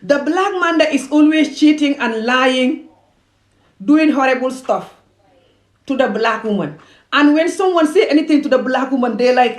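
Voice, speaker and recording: A Gambian woman vlogger rants heatedly and emphatically in a commentary video she filmed herself. Her voice is high, and she speaks at normal speed.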